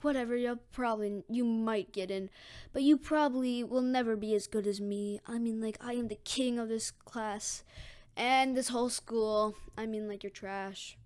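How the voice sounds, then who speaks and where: A boastful, sneering teenage boy bully, as a woman puts him on in her own slightly high voice. He brags and belittles in a casual, told-aloud story. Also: fairly even intonation, moderate pace, a little mellow, clean tone, lightly acted. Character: arrogant bullying teen boy rival.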